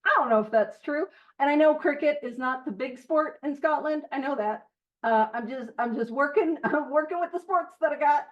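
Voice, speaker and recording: A woman with a high-sitting voice speaks at a moderate pace, and the recording sounds lo-fi. She's hosting a recovery literature study, chatting casually and earnestly, poking fun at herself and wandering off on tangents. It's relaxed study-group talk mixed with passages read aloud.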